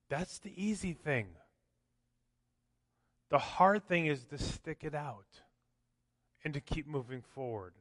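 A man's voice: a little high, lively intonation, takes it slowly, long pauses, a bit bright, no echo, studio quality, in a large hall. A man preaching a sermon as pastor, conversational, often tossing in "right?" and acting out quotes. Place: church sanctuary.

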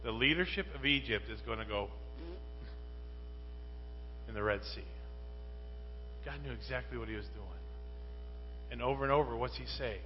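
A male pastor preaching a sermon, moving from quiet Bible reading to loud, rising rhetorical questions. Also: medium pitch, moderate pace, long pauses, faint music behind. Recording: muffled, with long reverb and mains hum.

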